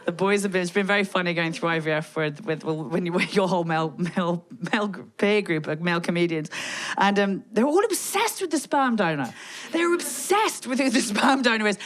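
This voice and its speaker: A woman in her thirties with a London accent, doing a brash, profane stand-up set on stage with quick asides. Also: fairly low pitch. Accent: London English. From England. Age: 30s. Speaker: stand-up comedian. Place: theatre stage before a live audience. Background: audience laughter.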